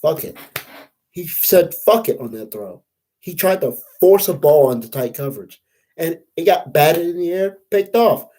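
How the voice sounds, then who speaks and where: A man's voice: on the high side, animated, normal speed, warm tone, rough recording. A young man hosting a casual sports podcast, venting in a frustrated, profane, rambling way. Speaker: podcast host.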